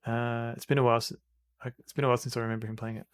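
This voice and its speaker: A man's voice: medium pitch, little pitch movement, very fast, clear, resonant tone, no room sound. A man streaming a retro game, chatting casually, rambling and restarting sentences, and reading game text aloud. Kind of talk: casual gameplay commentary.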